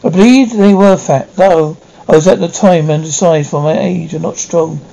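A man reading a classic novel aloud, halting now and then to restart a word. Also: a little high, vocal fry, warm tone, poor audio. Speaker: audiobook reader.

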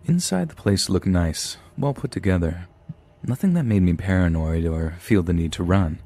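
A man's voice: deep voice, moderate pace, dark tone. A man, a podcast host, reading a scary story aloud with some dry asides.

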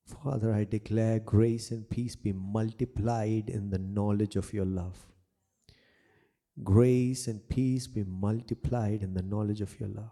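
Low gravelly man praying softly. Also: steady tone, unhurried. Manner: soft, repetitive, sometimes whispered. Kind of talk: closing prayer and blessing.

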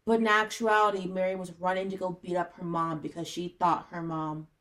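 A woman's voice: lowish voice, flat delivery, fairly quick, a bit bright. A young woman co-hosting a podcast in a casual chat, blunt and rambling, swearing freely as she talks. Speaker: podcast co-host.

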